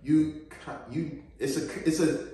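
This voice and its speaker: A man telling a childhood story in an animated, slangy way, laughing often, recorded in a very echoey room away from the mic. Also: fairly high pitch, slow, recorded from a distance. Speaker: vlogger.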